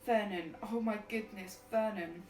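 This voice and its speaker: A woman's voice: medium pitch, steady tone, a little slow, a little mellow, natural voice. A woman reading a storybook aloud, voicing a fussy, nervous middle-aged aunt with a quavering manner. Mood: anxious. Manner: anxious, quavering. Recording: roomy distant mic with faint music.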